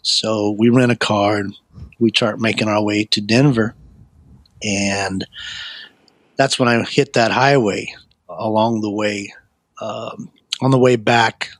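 A middle-aged man, a guest, telling his life story in a rambling, animated way, with many fillers and restarts. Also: slow pace, long pauses, no echo. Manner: animated, acts out quoted voices with a raised pitch. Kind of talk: personal storytelling.

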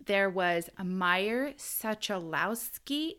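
Podcast co-host, woman, bright tone, casual and laughing, rambles a bit. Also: medium pitch, expressive, very slow, clear, resonant tone. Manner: chatty, giggly, self-deprecating. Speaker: podcast co-host presenting the episode research.

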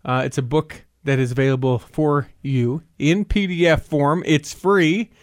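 A man's voice: a little high, steady tone, unhurried, dry recording. A man hosting a podcast in a home studio, chatting and teasing his co-host while a sore tongue affects his speech. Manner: teasing, rambling. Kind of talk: casual podcast chat.

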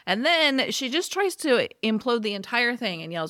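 A woman's voice: on the high side, sing-song, normal speed, a bit bright, no room sound, clean studio sound. A woman co-hosting a podcast, casually recapping a TV episode and acting out the characters' lines. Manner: chatty, acts out quoted lines. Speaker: podcast co-host.

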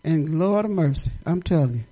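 A woman's voice: sits low, animated, brisk, breathy edge. Fervent older woman preaching testimony. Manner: fervent, repetitive, breaks into laughter and sudden shouts. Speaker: church speaker.

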